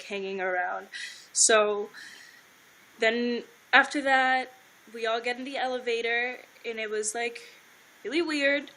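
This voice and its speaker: A woman's voice: a little high, pushed and bright, poor audio. A young woman telling her side of a story in a casual livestream, rambling, swearing, and saying "like" constantly. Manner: rambling, heavy filler "like", swears freely.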